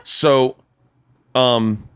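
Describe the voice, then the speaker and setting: A man in his forties hosting a podcast from his home studio, telling stories in profane, animated casual chat. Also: extremely slow, clear, resonant tone, dry recording. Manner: profane, animated storytelling, pitch rising when worked up. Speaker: podcast host.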